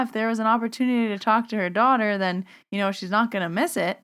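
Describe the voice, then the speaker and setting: Smooth-voiced woman telling a story. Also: medium pitch, fairly quick, few pauses. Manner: animated retelling, acting out both sides of the conversation. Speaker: medium and podcast host. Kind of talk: storytelling monologue.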